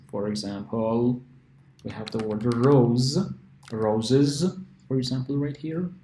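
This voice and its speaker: A male English teacher walks through the alphabet at a very slow, deliberate pace, repeating each example word. His voice is soft and mellow rather than bright, and it rings in an echoey room. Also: mid-range voice. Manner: patient, repeats example words slowly. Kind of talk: phonics lesson explanation.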